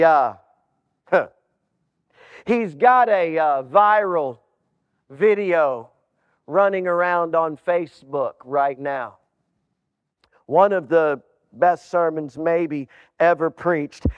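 Slow high-voiced preacher in an echoing hall. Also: male voice, lively intonation, smooth. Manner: humorous, storytelling, wry asides. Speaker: pastor. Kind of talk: sermon. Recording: dull sound in a reverberant hall.

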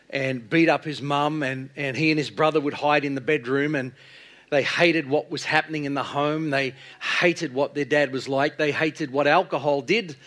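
A middle-aged male pastor telling a sermon story in an animated way, acting out the quotes. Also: a little high.

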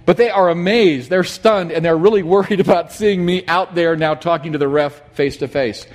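A middle-aged man preaching a sermon, telling a personal story in an animated, emphatic way. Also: fairly high pitch, normal speed. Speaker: pastor.

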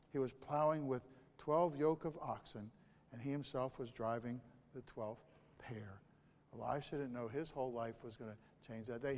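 A man's voice: a little high, long reverb tail. A male pastor preaching a sermon in a conversational way, asking rhetorical questions.

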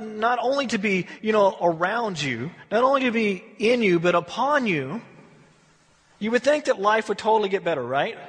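A man's voice: high voice, a bit bright, breathy edge, long reverb tail. A man preaching a sermon as a pastor, conversational and emphatic, asking rhetorical questions.

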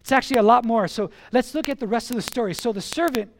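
A pastor preaching a sermon in an animated way, repeating key phrases for emphasis. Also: mid-range voice, moderate pace, a little hiss or hum.

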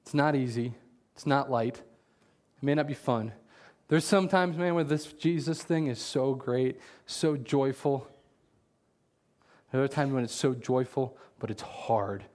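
A man preaching in a loose, conversational way, trading jokes for slow, careful scripture readings. His voice sits at an ordinary middle pitch and jumps into loud, animated bursts when he gets going. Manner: reads scripture aloud slowly. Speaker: pastor. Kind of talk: casual conversational sermon.

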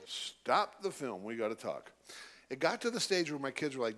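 A man's voice: medium pitch, a little slow, long pauses, noisy background. A middle-aged man telling a story to a live audience and acting out the voices of the people he quotes. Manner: animated, acts out quoted voices. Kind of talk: storytelling talk.

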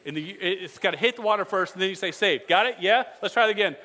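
A man gives a jokey, energetic sermon, teaching scripture with hand motions and crowd call-and-response. His voice sits a little high. It rings out with a long reverb in a church hall. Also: rapid-fire. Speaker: pastor.

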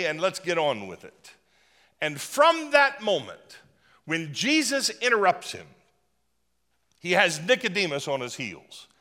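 A man preaching a sermon as pastor, lively, humorous and emphatic. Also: high-pitched, long reverb tail.

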